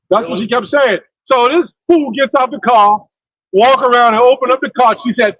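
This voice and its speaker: A man with a notably high voice leads a casual religious discussion, telling animated, profane stories. The recording is dry and dull, with no room echo. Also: moderate pace. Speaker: discussion leader.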